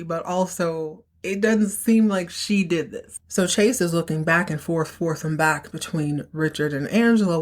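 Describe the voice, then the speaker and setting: A young woman with a slightly low-pitched voice recaps a soap opera episode in a loose, chatty way. She is sassy and playful, and she jumps into exaggerated voices to act out lines. Her delivery sounds like a relaxed podcast host talking straight to her listeners. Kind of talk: casual recap monologue.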